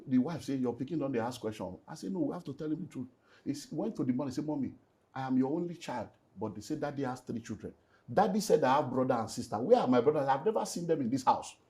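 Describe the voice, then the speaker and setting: A middle-aged man with a Nigerian accent, a pastor talking about his life in an emotional way that rises into loud, emphatic bursts. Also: medium pitch. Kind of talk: candid personal testimony in conversation.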